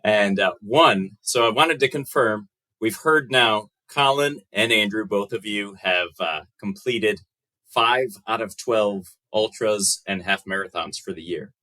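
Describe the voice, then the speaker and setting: A man's voice: lowish voice, a little slow, bright, forceful tone, low-quality recording. An American man in his thirties, a podcast guest talking casually with dry, self-mocking humor. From United States. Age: 30s.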